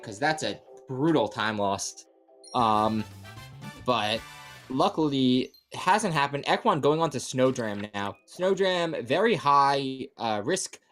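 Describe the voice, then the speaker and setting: A man's voice: mid-range voice, fairly bright tone. Chatty male speedrun commentator. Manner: quick, chatty, lots of fillers. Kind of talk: casual live commentary.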